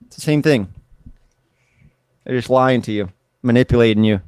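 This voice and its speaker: A man's voice: mid-range voice, moderate pace, darkish tone, smooth, no echo. A man hosting a podcast in casual chat, joking and rambling with mock-tough banter. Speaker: podcast host.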